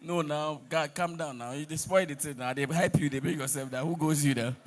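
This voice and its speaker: A man's voice: on the high side, steady tone, brisk. A man with a Nigerian accent doing stand-up crowd work on stage, teasing the audience, mixing in pidgin and breaking into bits of song. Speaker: comedian on stage.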